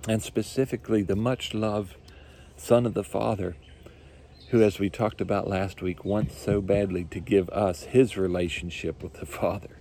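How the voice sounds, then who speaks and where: Gravelly, warm-voiced male preacher. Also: on the low side, fairly even intonation, moderate pace, slight background noise. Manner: earnest, repetitive, builds emphasis with rising force. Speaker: pastor. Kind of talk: sermon.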